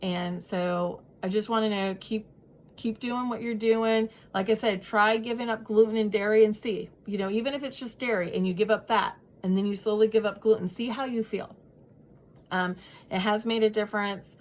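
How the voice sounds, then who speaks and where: A woman's voice: medium pitch, steady tone, normal speed. Woman in her 30s chatting to camera, earnest, lots of ums, medium voice. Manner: earnest, heartfelt, many ums and restarts. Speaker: vlogger sharing personal experience. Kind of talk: casual advice chat to camera.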